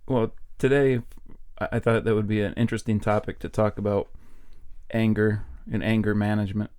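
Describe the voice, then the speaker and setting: A man's voice: lowish voice, flat delivery, fairly quick, darkish tone, clear, resonant tone. Rambling middle-aged man on a podcast. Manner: rambling, self-mocking, laughs often. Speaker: podcast co-host. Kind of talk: casual chat. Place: home recording, no studio.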